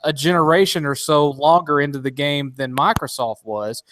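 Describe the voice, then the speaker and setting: A man's voice: fairly high pitch, fairly even intonation, normal speed, a bit bright, a little hiss or hum. A man talking in a casual podcast chat, rambling with many restarts and fillers.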